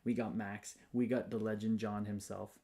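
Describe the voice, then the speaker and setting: A man's voice: lowish voice, level tone, normal speed, warm tone. A man hosting a casual livestream, greeting viewers by name and reading their comments in an upbeat, spiritual way. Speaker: livestream host.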